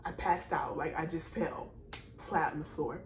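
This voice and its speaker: Casually telling a personal story to camera, a low-voiced young woman speaks at normal speed with fairly even intonation. The vlogger rambles, repeats herself, and addresses viewers, apologizing and laughing through tears in an echoey, faintly noisy room.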